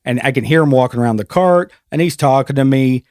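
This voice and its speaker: A man's voice: mid-range voice, quick pace, darkish tone, no echo, studio quality. A man hosting a podcast, telling an awkward story in a casual, self-mocking way and laughing easily. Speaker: podcast host.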